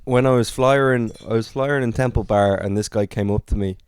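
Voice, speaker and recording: A young man co-hosting a comedy podcast, telling anecdotes in a relaxed, swearing way. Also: mid-range voice, normal speed, clear, resonant tone. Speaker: podcast co-host. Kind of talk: casual banter.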